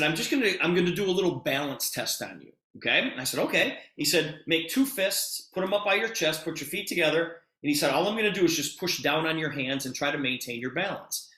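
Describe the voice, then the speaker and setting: A middle-aged man presents a storytelling sales pitch, his voice rising and falling with animated swings in pitch. He acts out both sides of conversations and delivers everything in a bright, forceful tone. The sound carries a roomy echo. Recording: echoey room.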